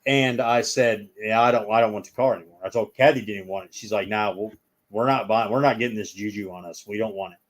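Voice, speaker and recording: A man's voice: on the low side, quick pace. A man telling long stories as a guest in a casual chat, rambling and acting out the people in them.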